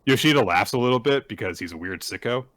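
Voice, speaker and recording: On a dry recording, a man with an animated, fairly bright mid-range voice hosts a podcast and casually recaps a manga chapter. His retelling wanders, with fillers and some profanity, and he voices characters' lines in brief impressions.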